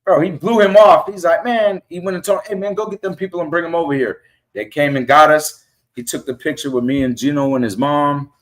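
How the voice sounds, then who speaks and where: A middle-aged man with a slightly high voice tells stories on a casual podcast. He jumps into quoted lines and voices the people he talks about. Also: fairly quick. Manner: animated storyteller acting out quotes. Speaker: guest fan.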